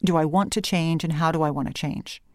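A woman voice and speech coach with a Californian accent, explaining her work in an animated interview conversation. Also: low voice, brisk, no echo, studio quality. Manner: animated explanatory talk with light vocal fry and uptalk.

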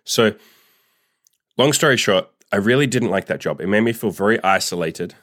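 A man with a very low voice talks straight into a dry, close mic. He tells a personal story in a loose, candid way, swearing freely and filling gaps with "like." It sounds casual and unscripted. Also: animated, moderate pace, a bit bright, no echo. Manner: candid and profane, heavy use of "like". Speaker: vlogger.

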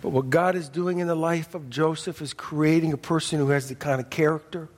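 A man preaching a sermon as pastor, folksy and animated, dropping from loud emphasis to hushed intensity. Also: a little high, fairly quick, long reverb tail. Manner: folksy, humorous asides.

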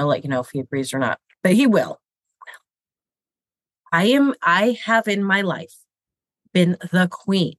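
A woman in her fifties hosts a show, chatting candidly and self-deprecatingly in a casual confessional style, rambling with frequent restarts. She has a cold, so her low-pitched, slightly bright voice sounds congested; it's captured on a video camera with no echo.

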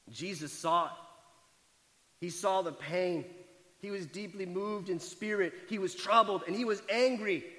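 A man with a high-pitched voice preaches a sermon, telling a story with dramatic swings between forceful emphasis and near-whispered quiet. His voice rings out in a large hall with a long reverb trailing each phrase. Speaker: pastor.

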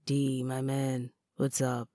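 A woman's voice: extremely low pitch, monotone, slow, warm tone, dry recording, clean studio sound. A woman voicing a playful, laid-back young male artist friend in a read story. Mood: teasing. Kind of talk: storybook reading.

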